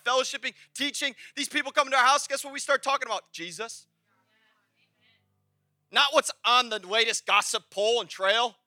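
A pastor preaches in a very high, sharp, bright voice, talking to his congregation in a lively, conversational way. He works up to shouts at the big moments. The sound is dry and close. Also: no room sound. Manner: animated and conversational, shouting at peaks. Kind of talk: sermon.

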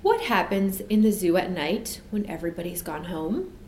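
A woman's voice: sing-song, normal speed, a little mellow, roomy sound, a little hiss or hum. A woman voicing a curious little boy who speaks eagerly in a raised voice. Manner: eager, pleading, high-pitched.

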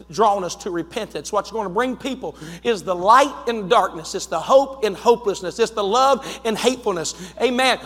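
Fervent preacher man in a reverberant church. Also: sits high. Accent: Ohio. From United States. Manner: fervent storytelling, building to shouts. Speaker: pastor. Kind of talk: sermon. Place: church sanctuary. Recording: long church hall reverb.

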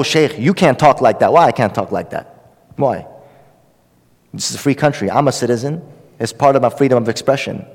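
A man's voice: medium pitch, darkish tone, big-room sound. A man teaching a religious text to an audience in a conversational, emphatic way, repeating words and asking questions. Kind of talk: sermon-style lecture.

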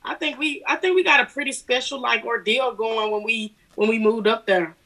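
Young Southern woman, interview guest, bubbly and laughing, higher bright voice. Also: moderate pace, low-quality recording. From Alabama. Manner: lively, laughing storyteller. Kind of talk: casual interview chat.

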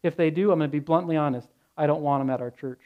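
A man's voice: on the high side, fast. A male pastor preaching a sermon, blunt and earnest, telling stories in a conversational way. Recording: dull lo-fi sound.

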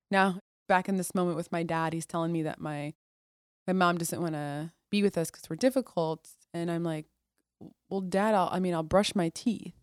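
A woman guest on a podcast telling her personal story in a candid, conversational way, with restarts and moments where she drops soft and quiet. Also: on the low side, dry recording, studio quality. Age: adult. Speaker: podcast guest, Air Force officer.

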